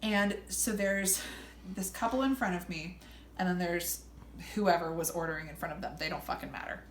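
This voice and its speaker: A young woman telling a story in a casual chat, loud and animated, swearing freely and acting out the people she quotes. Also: lowish voice, normal speed. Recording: echoey room, faint background hum.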